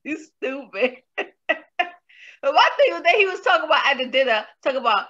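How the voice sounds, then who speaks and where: A woman co-hosting a casual review chat, telling stories in an exasperated, animated way. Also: sits high, normal speed, dull audio. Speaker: co-host reviewing a reality show.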